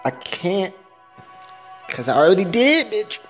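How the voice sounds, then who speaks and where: A man's voice: high voice, sing-song, measured pace, a bit bright, faint music behind. A young man rambling through a casual, profane audio diary, laughing at his own jokes.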